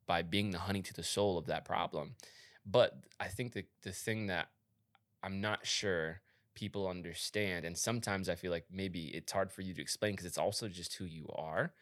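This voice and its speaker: Male host with a very deep voice, eager and musing, dry close sound. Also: fairly bright tone, no room sound. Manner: enthusiastic, reflective, with restarts. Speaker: podcast host. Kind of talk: conversational interview.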